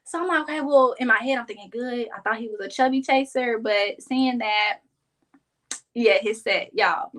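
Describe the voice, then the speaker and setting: A young woman from Kansas City chatting casually to her viewers, telling a story and acting out her friends' lines in a higher voice. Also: normal speed, fairly bright tone, low-quality recording. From Kansas City, Missouri. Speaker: vlogger. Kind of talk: casual storytelling while crafting.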